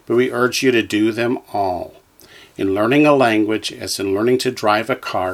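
Slow, patient man teaching letters. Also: lowish voice. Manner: patient, spells out each letter for the listener to echo. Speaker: Hebrew teacher. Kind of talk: slow, careful lesson reading from a textbook.

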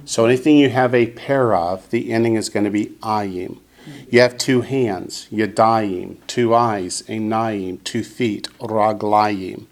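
A man teaching a Hebrew class, saying each word slowly and clearly so his students can repeat it. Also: lowish voice, steady tone. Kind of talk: classroom lesson.

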